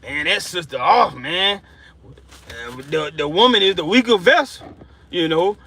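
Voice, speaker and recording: A man preaching an informal sermon, fervent and emotional, repeating himself and slowing down to read scripture aloud. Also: high-pitched, animated, bright, forceful tone, breathy edge. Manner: emotional, fervent, repetitive, slows down reading scripture. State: excited and sweating.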